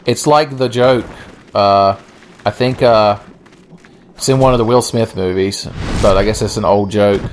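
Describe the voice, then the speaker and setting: A man's voice: fairly low pitch, a little slow, slight background noise. A young man giving sardonic, profane, rambling gameplay commentary. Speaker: let's play commentator.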